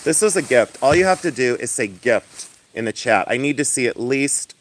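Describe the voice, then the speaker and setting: Loud, flamboyant man chatting on a livestream. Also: fairly low pitch, animated, moderate pace, hardly any pauses, slight background noise. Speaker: livestream host selling and showing jewelry. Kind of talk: casual livestream chat. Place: outdoors in the sun.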